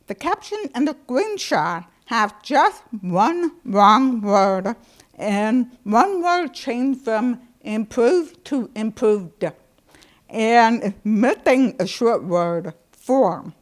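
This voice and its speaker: Slow, higher-voiced woman with a lilt, wry conference presenter. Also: sing-song. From United States. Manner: wry, self-deprecating, laughing.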